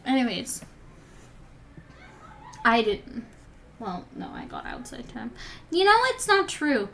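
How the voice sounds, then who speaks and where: A woman's voice: mid-range voice, lively intonation, takes it slowly, pauses often, a bit bright, a little hiss or hum. A young woman vlogger reading her old story aloud and breaking off for wry, chatty asides. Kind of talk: reading aloud with casual commentary.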